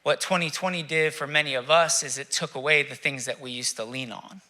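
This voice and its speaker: High-voiced forceful male pastor. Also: fairly even intonation. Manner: reflective, rhetorical questions with dramatic pauses. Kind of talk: sermon.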